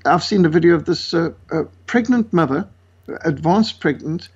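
A South African man, a missionary author appearing as an interview guest, tells stories with animated indignation, acting out quoted voices and filling his speech with fillers. His voice is a little high, animated and darkish in tone, slightly rough, at a moderate pace. The highs are cut off in the recording.

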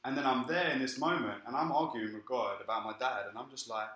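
A man preaching a sermon and telling his own story in a lively way. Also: medium pitch, quick pace, roomy sound, low-quality recording. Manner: lively storytelling, acting out quoted speech. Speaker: pastor. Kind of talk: sermon with personal testimony.

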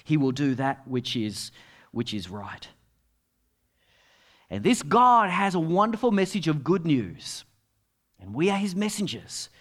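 Middle-aged male pastor, sermon, storytelling manner with quiet asides; high, very lively voice.

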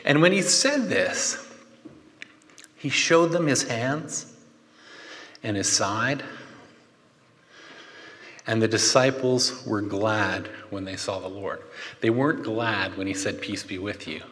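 A man preaching a conversational sermon, animated and chatty, with joking asides. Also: lowish voice, slow, pauses often. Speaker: pastor. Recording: long hall reverb.

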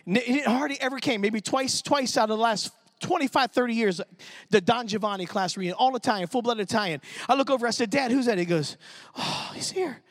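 High-pitched lively preacher man. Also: fast, no echo, studio quality. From Pittsburgh. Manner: animated, storytelling, street-talking preacher. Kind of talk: sermon.

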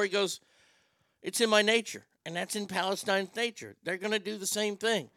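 Brash high-voiced radio host man. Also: fairly even intonation, brisk, creaky, pushed and bright, clear, resonant tone, dry recording, clean studio sound. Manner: brash, crude storytelling with acted voices. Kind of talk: comedic talk radio riffing.

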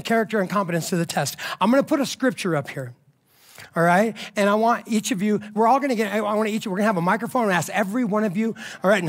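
A man preaching a sermon, talking casually to the congregation, moving between quiet, reflective stretches and loud, excited bursts. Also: high voice. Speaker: pastor.

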